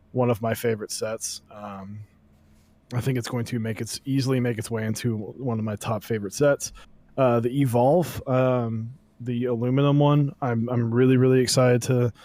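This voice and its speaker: A man's voice: mid-range voice, a little mellow, no room sound. A man co-hosting an online show, chatting casually and hesitantly, often repeating words. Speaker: podcast co-host. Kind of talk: casual chat.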